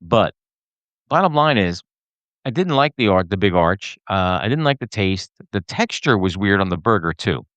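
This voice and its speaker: Animated rambling male podcast host. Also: fairly low pitch, moderate pace, no echo. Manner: animated, rambling with many fillers and restarts. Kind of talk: casual solo rant to camera.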